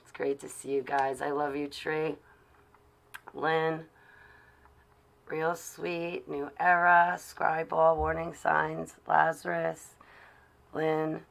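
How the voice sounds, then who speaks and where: A woman's voice: low-pitched, little pitch movement, takes it slowly, vocal fry, long pauses. A woman live-streaming to her chat from her car while driving, talking casually and sarcastically in a ranting way.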